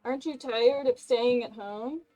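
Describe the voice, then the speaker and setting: A woman voicing a chatty young game character on a phone call, with loud, upbeat chatter. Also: fairly high pitch, measured pace, soft background music, close to an everyday voice. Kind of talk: game voice acting.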